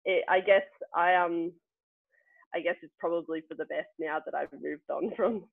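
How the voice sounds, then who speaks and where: A woman's voice: on the low side, fairly even intonation, normal speed, gravelly, no echo. A young woman telling a story as the interview guest, chatty, laughing often and using many fillers. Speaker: guest athlete. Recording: tinny dry phone-like line.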